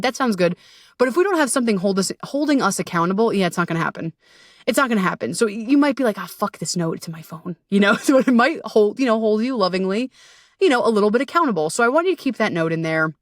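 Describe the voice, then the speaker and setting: A woman's voice: mid-range voice, no echo, clean studio sound. Chatty swearing woman podcaster. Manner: chatty, swearing, playful asides. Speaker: podcast host. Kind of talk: casual solo podcast talk.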